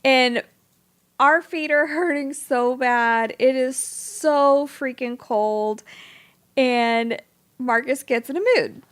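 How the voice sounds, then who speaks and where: A woman's voice: high voice, slow pace. A woman co-hosting a podcast in casual chat, laughing often as she tells the story. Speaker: podcast co-host.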